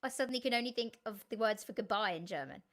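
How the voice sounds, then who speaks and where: A woman's voice: medium pitch, expressive, fast talker. A woman in the middle of her voice range chats to her viewers in a loose, friendly way. She laughs easily and keeps getting sidetracked before returning to the point. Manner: chatty, giggly, easily sidetracked. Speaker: singer-songwriter hosting a live stream. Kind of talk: casual chat to viewers.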